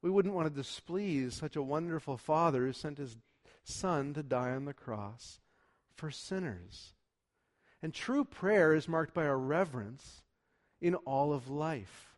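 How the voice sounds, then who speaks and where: A man preaching a sermon as a pastor, moving from hushed pleading to loud, emphatic declarations. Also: a little high, lively intonation, unhurried.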